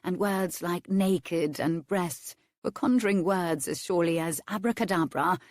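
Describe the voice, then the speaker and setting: Low-voiced woman narrating a romance. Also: a little slow, darkish tone, dry recording, clean studio sound. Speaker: audiobook narrator.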